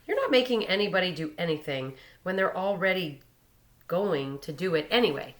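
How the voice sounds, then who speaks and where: A woman's voice: fairly low pitch, very animated, normal speed. A woman voicing an irritated, defensive young boy who snaps back sharply. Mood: annoyed. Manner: sharp, snapping.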